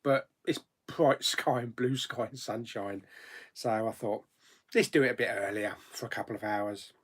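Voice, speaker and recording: A man's voice: medium pitch, moderate pace, slightly rough. A man hosting a live chat stream, greeting viewers one by one by name in an easygoing, chatty way. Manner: easygoing, thinks aloud with ums and asides.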